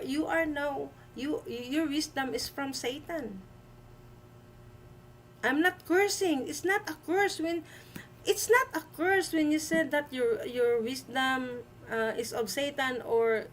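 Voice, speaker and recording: Woman host, high voice, slow emphatic delivery, light noise behind. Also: low-quality recording. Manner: emphatic, repeats herself, halting with fillers. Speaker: livestream host. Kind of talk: live-stream commentary.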